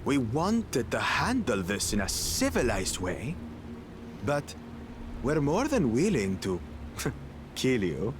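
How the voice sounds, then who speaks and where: A man's voice: medium pitch, wildly swooping pitch, noisy background. An actor playing a menacing, mocking brute in a video game cutscene, sneering as he threatens. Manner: sneering threats, slow and gravelly. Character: menacing adult male brute, mocking and cruel.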